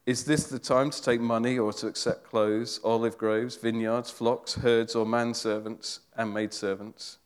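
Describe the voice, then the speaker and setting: A man preaching a sermon voices a stern old male prophet who delivers a slow, solemn rebuke. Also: mid-range voice, flat delivery, clear, resonant tone, pitched below the performer's own voice, lightly acted. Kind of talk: sermon storytelling.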